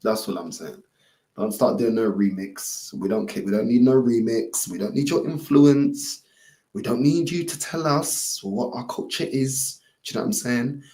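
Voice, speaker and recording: A man's voice: medium pitch, moderate pace, mellow. Heated man ranting. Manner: emphatic, repetitive, street slang. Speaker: live streamer. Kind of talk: heated IRL stream rant.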